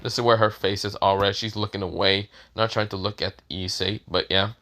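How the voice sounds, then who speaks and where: A man's voice: lowish voice, fairly even intonation, a little fast, bright, forceful tone. A man casually narrating a comic-based story, rambling and often restarting with the same stock phrases. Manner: rambling, repeats "this is where, well".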